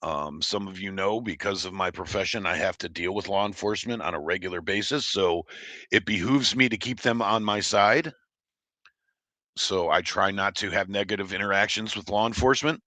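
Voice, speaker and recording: A man's voice: low voice, normal speed, bright, forceful tone, no echo. A man from Oregon hosting a livestream, chatting casually and reading chat in a rambling, blunt, profane way. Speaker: livestream host.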